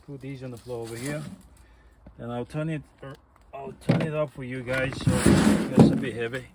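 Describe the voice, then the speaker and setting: A man's voice: mid-range voice, fairly even intonation, moderate pace, very noisy. Patient man guiding kids in garden. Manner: patient, encouraging, guides children step by step. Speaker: gardening vlogger. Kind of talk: casual instructional vlog. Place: outdoor garden.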